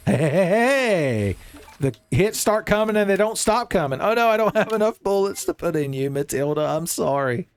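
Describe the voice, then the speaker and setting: A man's voice: high-pitched, moderate pace, smooth. Jokey man doing game commentary. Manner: jokey, rambling, excitable outbursts. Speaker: gaming streamer. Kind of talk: let's-play commentary.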